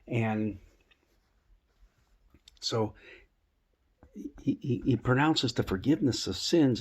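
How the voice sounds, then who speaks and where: A man teaching a casual Bible lesson outdoors, telling the story in a folksy, animated way with rhetorical questions. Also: fairly low pitch, breathy edge. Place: rooftop outdoors.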